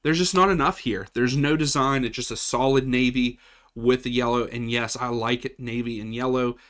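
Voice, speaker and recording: A man's voice: mid-range voice, fairly even intonation, normal speed, fairly bright tone. A man from West Virginia chatting casually as he ranks soccer kits, often repeating himself and restarting sentences. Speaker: soccer channel host. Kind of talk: casual tier-list commentary.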